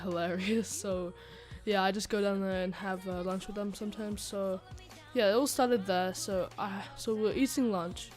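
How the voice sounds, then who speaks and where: A woman's voice: mid-range voice, a little mellow. Rambling, giggly woman telling a story. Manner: rambling, full of "like" fillers and restarts, giggly asides. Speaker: channel host telling a story. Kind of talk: casual storytime chat. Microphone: desk microphone.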